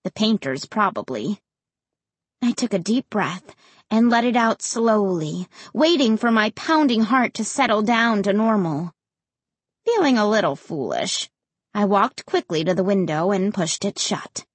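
Expressive woman narrating a storybook. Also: mid-range voice, a little slow, slightly rough, no echo. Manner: expressive, dramatic reading. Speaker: audiobook narrator. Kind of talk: first-person storybook narration.

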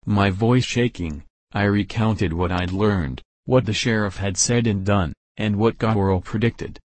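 Guy reading an audiobook, low voice, dead dry sound, steady pace. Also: a little slow, no echo. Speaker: audiobook narrator. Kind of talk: first-person audiobook narration.

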